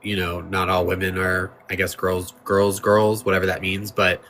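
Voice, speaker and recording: A man's voice: sits low, completely flat delivery, normal speed, fairly bright tone, a little hiss or hum. A man hosting a livestream, talking in a loose, rambling way over a playing clip and thanking viewers. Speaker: livestream host. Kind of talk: casual livestream commentary.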